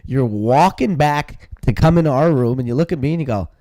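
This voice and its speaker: A man co-hosting a podcast, chatting casually and jumping in with quick remarks, often laughing. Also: mid-range voice, expressive, dark tone, no room sound. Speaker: podcast co-host. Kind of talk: casual banter.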